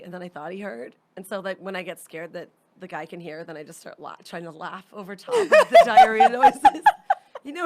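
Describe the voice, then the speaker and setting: Woman in her thirties, comedy podcast co-host, candid and rambling, laughs a lot, mid-pitched. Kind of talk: casual comedic chat.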